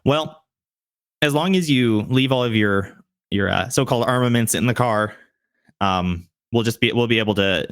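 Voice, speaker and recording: Man as a friendly gate guard, pitched a bit up, cheerfully hesitant. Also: normal speed, a bit bright, no echo, studio quality, lightly acted. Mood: welcoming. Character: friendly male city gate guard, overly welcoming.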